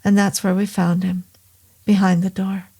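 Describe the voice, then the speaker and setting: A woman reading as a halting, uneasy doctor. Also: high-pitched, flat delivery, dark tone, husky. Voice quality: hesitant, halting. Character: uneasy, apologetic male doctor, rambling. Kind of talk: audiobook character voice.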